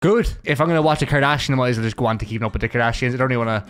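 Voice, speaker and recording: A man's voice: mid-range voice, racing, fairly bright tone, clear, resonant tone. An Irish man hosting a casual reaction video, joking and swearing in chatty asides. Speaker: YouTuber reacting to clips.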